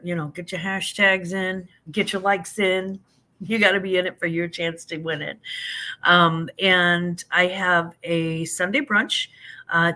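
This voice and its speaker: A cheerful woman with a bright, forward voice, chatting casually as a guest on a live stream. She talks easily and laughs readily. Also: on the low side. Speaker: guest, online reseller.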